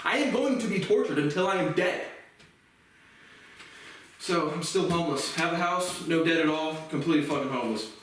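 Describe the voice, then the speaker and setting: A man delivering an angry, profane vlog rant that bursts into shouting. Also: fairly high pitch, moderate pace, pauses often, recorded from a distance, slight background noise. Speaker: vlogger. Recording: very echoey room, voice off-mic.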